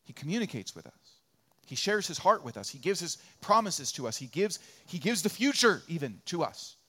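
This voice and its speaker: A man preaching a sermon as pastor, repeating phrases for rhythm and dropping from loud peaks to quiet asides. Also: fairly high pitch, very animated, a little fast, slightly rough. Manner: conversational and joking, acts out little quoted voices.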